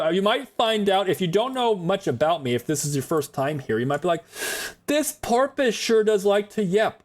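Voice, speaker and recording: Man, game streamer, chatty rambler, giggly, lively swooping voice, slightly high. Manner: chatty rambler, calls himself a yapper; giggly, laughs often. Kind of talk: casual live gameplay commentary.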